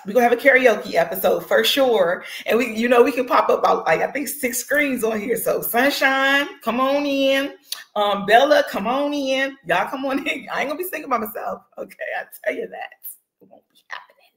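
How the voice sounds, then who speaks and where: A woman hosting a live podcast stream in excitable, chatty, slangy talk, laughing easily. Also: fairly high pitch. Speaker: podcast host. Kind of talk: casual livestream chat.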